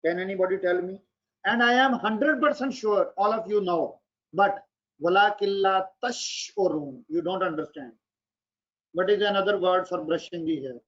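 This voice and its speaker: A male English teacher giving a classroom grammar lecture. He explains slowly, repeats and acts out example sentences, and drops in Arabic and Urdu words for his students. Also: high-pitched, expressive, fairly bright tone. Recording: dull lo-fi classroom recording.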